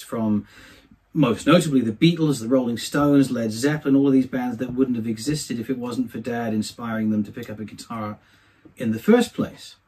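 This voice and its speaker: A man, a singer, being interviewed and telling anecdotes from his career in a chatty, animated way. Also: medium pitch, slightly rough. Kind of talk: casual storytelling.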